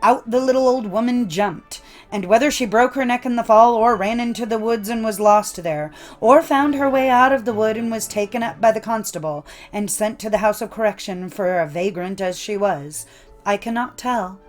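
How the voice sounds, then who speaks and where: A woman reading old folk tales aloud in a measured storytelling cadence. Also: a little high, soft background music. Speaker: narrator. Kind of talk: scripted storybook narration.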